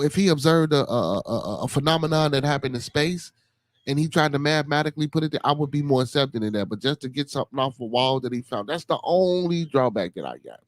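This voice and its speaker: A man with a Chicago accent hosting a casual call-in podcast, talking deliberately, stumbling over repeated words and calling people "man" and "brother.". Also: on the high side, no room sound. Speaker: podcast host.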